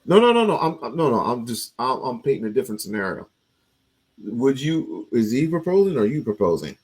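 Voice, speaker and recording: A man's voice: mid-range voice, very animated, a little mellow, slightly rough, poor audio. A man hosting a casual talk, firing questions and restarting his sentences. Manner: quick questions, repeats and restarts. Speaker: talk show host. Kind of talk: casual debate chat.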